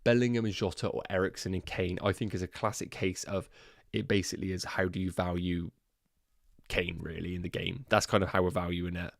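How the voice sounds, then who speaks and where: A man's voice: deep voice, flat delivery, fairly quick, vocal fry, no room sound, studio quality. A man hosting a fantasy football livestream, thinking aloud in a chatty way and talking to his viewers as guys. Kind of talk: casual livestream chat.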